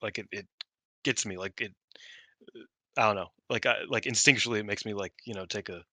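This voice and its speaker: His voice is fairly low, fairly quick, and pushed and bright, with a dry recording. He's co-hosting a podcast, chatting loosely and rambling with plenty of fillers and an occasional curse.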